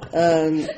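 A Scottish man with a slightly raised voice speaks as a meditation teacher to a live audience. His manner is relaxed and self-deprecating, and he fills his talk with ums and you-knows. A faint hum of room noise sits behind him. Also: a little high, poor audio. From Scotland. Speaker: Zen meditation teacher, priest.

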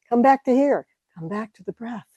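A woman teaching meditation to an audience, speaking calmly and reflectively with light laughs. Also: a little high, unhurried, breathy edge, no echo, highs cut off. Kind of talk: dharma talk to an audience.

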